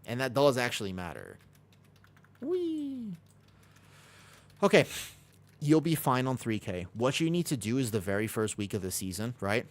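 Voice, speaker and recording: A man's voice: lowish voice, very animated, fairly quick, few pauses. An American man from Los Angeles, chatting casually on a live game stream, reading out and answering viewer questions. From Los Angeles, USA.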